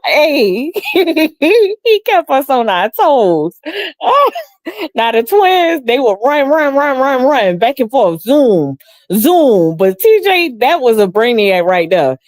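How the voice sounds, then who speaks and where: Taking it slowly, a middle-aged woman hosts a livestream in a dry, clean studio recording. She reads comments and tells family stories in a casual, animated way, laughing a lot and acting out quotes in a high-pitched voice.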